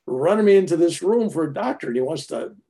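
A man in his seventies telling a personal story in a rambling, animated way, often restarting his sentences. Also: fairly high pitch, quick pace. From United States.

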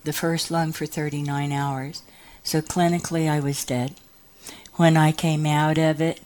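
A woman in her fifties telling her story in a low, unhurried voice. She acts out the other people's voices and sometimes drops to a whisper. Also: darkish tone. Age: 50s. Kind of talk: personal storytelling.

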